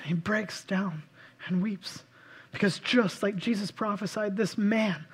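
A man preaching a sermon, swinging between loud impassioned outbursts and hushed, intimate reflection. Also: high voice, a little slow, breathy edge. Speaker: pastor.

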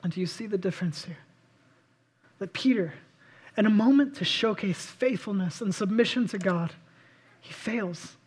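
A man preaching a sermon, swinging between loud impassioned outbursts and hushed, intimate reflection. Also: high voice, normal speed, pauses often, breathy edge. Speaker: pastor.

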